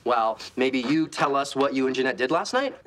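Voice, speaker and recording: Brash womanizing sitcom bachelor, thirties, boastful quick delivery, bouncy pitch; played by a man. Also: expressive, background noise, natural voice. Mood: cocky. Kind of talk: sitcom acting.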